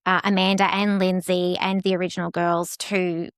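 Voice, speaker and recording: A woman's voice: on the low side, level tone, moderate pace, clear, resonant tone, no room sound, studio quality. A woman co-hosting a chatty podcast, giving blunt opinions in casual talk and swearing freely. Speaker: podcast co-host. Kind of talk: casual chat.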